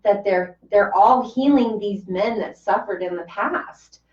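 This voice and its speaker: A woman's voice: medium pitch, a little slow, a little mellow. A woman co-hosting a spiritual talk, speaking in a soothing, reassuring way with frequent restarts. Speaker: spiritual podcast co-host. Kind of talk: casual spiritual chat. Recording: roomy, distant, dull sound.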